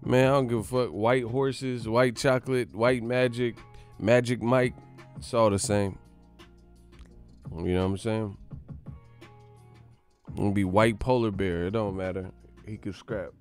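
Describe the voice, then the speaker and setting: Male streamer, lowish voice, loose profane banter with viewers, light music bed. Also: steady tone, measured pace, pauses often, smooth. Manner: loose, profane, joking with chat. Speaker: live stream host. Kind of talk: casual live stream chat.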